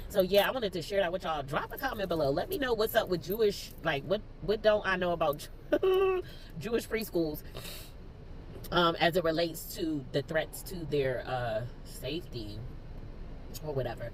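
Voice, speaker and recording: Tearful Philly woman with lively pitch. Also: normal speed, slight background noise, rough recording. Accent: Philadelphia. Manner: tearful, expressive, talks straight to viewers. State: near tears. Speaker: teacher. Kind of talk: emotional storytime vlog. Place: in a car.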